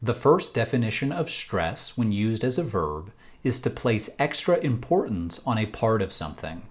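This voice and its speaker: A man with an American accent teaching English vocabulary in slow, deliberate explanations with example sentences, recorded outdoors while walking a trail. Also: fairly low pitch, sing-song.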